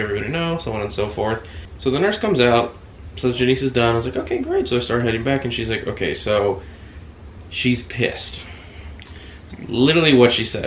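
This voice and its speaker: A man casually retelling a hospital visit, acting out other people's words. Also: a little hiss or hum. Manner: animated retelling, acts out quotes with sudden high shouts. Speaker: vlogger recounting a hospital visit. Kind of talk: casual storytelling. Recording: echoey room.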